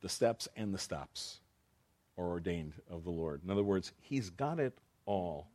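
A very low-voiced man preaching through scripture verse by verse. His talk is loose and conversational, with repeated phrases and restarts as he explains each line. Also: expressive, a little slow, a little mellow. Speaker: pastor. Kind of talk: verse-by-verse Bible teaching.

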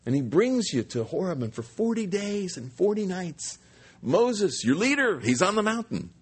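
A man preaching a sermon, telling a Bible story with animated asides, restarts and humor. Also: sits high, moderate pace, slightly rough. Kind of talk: expository sermon.

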